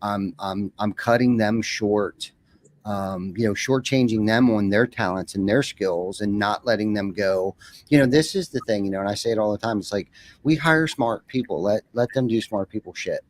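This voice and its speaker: A man's voice: on the low side, normal speed, dry recording. A man talking as a podcast guest, rambling and often repeating words as he starts a sentence. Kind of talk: casual conversation.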